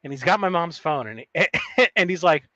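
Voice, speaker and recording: A man's voice: on the high side, moderate pace, sharp tone, dry recording, rough recording. A man co-hosting a podcast, telling a long story in a rambling, profane, casual way with many restarts. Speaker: podcast co-host.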